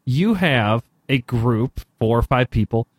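A man's voice: medium pitch, slow, dry recording. A man co-hosting a gaming podcast, joking and chatty. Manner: joking, animated. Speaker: podcast co-host. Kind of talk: casual chat.

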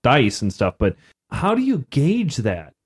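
A man co-hosting a casual podcast chat about role-playing games, telling stories with lively asides. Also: mid-range voice, a little slow, husky. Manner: animated storyteller, slips into mock voices. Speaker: podcast co-host.

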